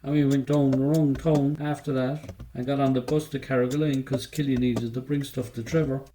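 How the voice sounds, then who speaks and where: Mellow-voiced Cork Irish man reading a novel. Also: mid-range voice, level tone, fairly quick, slight background noise, rough recording. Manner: loose, slangy storytelling in a young narrator's voice. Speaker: audiobook reader. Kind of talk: first-person novel reading.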